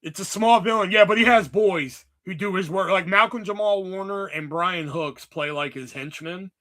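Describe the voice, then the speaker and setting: Profane rambling livestream host, bright voice. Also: male voice, high voice, moderate pace. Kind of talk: casual livestream chat about movies.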